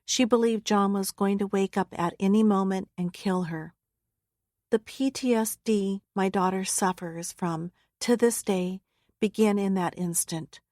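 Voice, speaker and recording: Woman memoir narrator, mid-pitched voice, steady and earnest, close dry studio read. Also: measured pace, no room sound. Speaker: audiobook narrator. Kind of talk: first-person memoir narration. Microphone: close studio mic.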